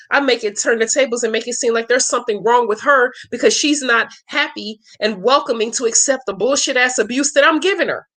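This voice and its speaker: A woman's voice: medium pitch, fairly bright tone. A woman hosting a question-and-answer vlog, chatting in a blunt, profane way and telling stories full of examples. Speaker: channel host answering viewer questions. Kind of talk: casual vlog talk.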